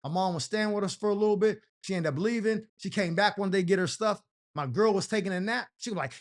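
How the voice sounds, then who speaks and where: A man's voice: high voice, quick pace. A man hosting an advice show, talking in a slangy, fired-up, heated way. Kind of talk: casual advice rant.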